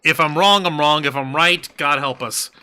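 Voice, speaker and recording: A man co-hosting a loose wrestling review show. His voice is very bright and sharp and sits a little high. He rambles, trips over his words and swears freely. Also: normal speed, slight background noise. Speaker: podcast co-host. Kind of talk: casual wrestling review chat.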